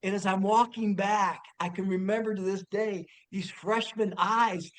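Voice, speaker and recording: A man's voice: high-pitched, measured pace, hardly any pauses, poor audio. An older man, a former player, telling stories casually and laughing as he goes. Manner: laughing while telling anecdotes. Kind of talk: casual storytelling.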